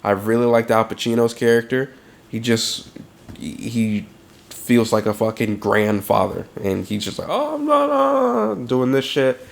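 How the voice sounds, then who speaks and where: A man's voice: lowish voice, unhurried, creaky, slight background noise. Profane casual man on a podcast. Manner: loose, profane, animated film talk. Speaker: podcast co-host. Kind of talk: casual chat.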